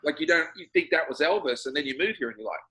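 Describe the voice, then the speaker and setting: Bright-voiced Australian man in his fifties. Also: fairly high pitch, lively intonation, quick pace, husky, rough recording. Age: 50s. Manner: reflective, rambling, dry humor. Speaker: guest, singer-songwriter. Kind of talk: casual interview chat.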